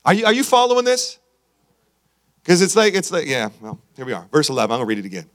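A man's voice: high-pitched, big pitch swings, quick pace. A male pastor preaching a sermon who reads scripture aloud, repeats himself for emphasis and checks in with the congregation.

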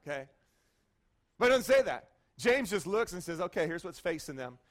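High-voiced lively male pastor. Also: moderate pace. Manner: lively, conversational, frequent "okay?" asides. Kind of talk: sermon.

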